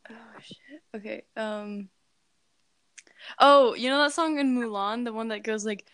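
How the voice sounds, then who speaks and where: A woman with a fairly high, smooth and clear voice chats casually on a podcast. She teases her co-host, giggles often and swears offhandedly, and her voice sounds dry and close to the mic. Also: measured pace, fairly bright tone, no room sound.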